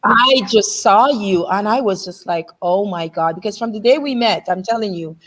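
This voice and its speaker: A woman's voice: medium pitch, normal speed, fairly bright tone. A woman with a Canadian accent, a guest in a heartfelt conversation, talking animatedly and laughing often. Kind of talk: emotional conversation.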